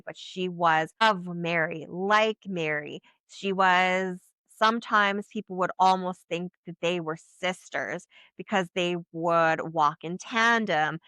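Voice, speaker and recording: A woman's voice: on the low side, bright, forceful tone, clean tone, dry recording. A woman giving a channeled spiritual reading in a casual, flowing way, full of restarts and filler words. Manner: flowing, earnest, many likes and trailing restarts. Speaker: psychic channeler.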